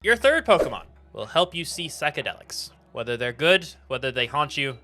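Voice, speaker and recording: A man's voice: fairly high pitch, sing-song, moderate pace, music in the background. A young man doing casual gaming commentary on a call, goofy and rambling, laughing often. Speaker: gaming YouTuber.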